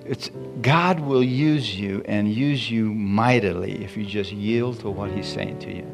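A man's voice: fairly low pitch, unhurried, vocal fry, music in the background. A man, a pastor, telling a story from his week and leading prayer in a folksy, repetitive way. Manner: folksy, repetitive, chuckles at his own stories. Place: church.

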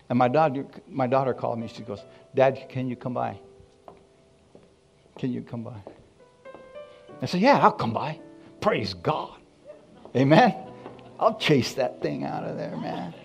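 A male pastor preaching, with a voice at an average pitch. He tells stories and acts out the quotes, climbing to loud, fervent exclamations. Faint instrumental music plays behind him. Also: expressive, moderate pace, vocal fry, pauses often. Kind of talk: sermon.

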